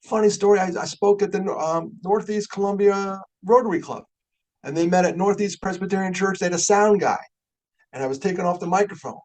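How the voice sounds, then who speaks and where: An older man giving an animated storytelling talk as a keynote speaker, getting fired up as he goes. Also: sits high, a little fast. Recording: webinar audio.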